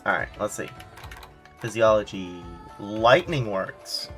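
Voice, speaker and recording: A man's voice: lowish voice, slow, soft background music. A man hosting a casual game stream, chatting in a wry, easygoing way and reading viewers' messages aloud. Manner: relaxed, wry, reads chat aloud. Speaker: streamer host. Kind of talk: casual gaming chat.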